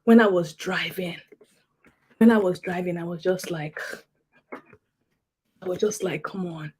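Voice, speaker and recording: A woman giving an emotional personal testimony at a summit, halting and repeating words as she pleads earnestly with listeners. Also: on the low side, darkish tone, a little hiss or hum. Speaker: summit speaker.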